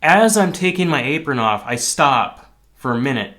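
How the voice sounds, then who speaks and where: A man's voice: mid-range voice, sing-song, moderate pace, bright, forceful tone. A man who works as a line cook, telling a personal story in a candid, rambling way with plenty of swearing. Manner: candid, profane, rambling with restarts.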